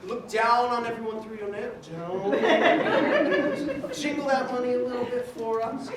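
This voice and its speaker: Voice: medium pitch, steady tone, normal speed. Rambling self-mocking stage performer. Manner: self-deprecating, rambling, joking asides. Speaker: stage performer leading audience participation. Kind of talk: live improv comedy. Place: small theatre stage. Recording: echoey hall from far off, audience noise.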